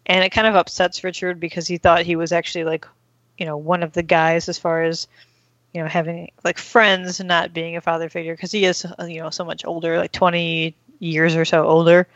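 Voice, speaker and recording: A woman's voice: lowish voice, flat delivery, a little fast, a bit bright, dry recording, highs cut off. Chatty woman recapping with lots of fillers. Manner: rambling, many fillers, acts out quotes. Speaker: podcast host recapping an episode. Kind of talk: casual chat.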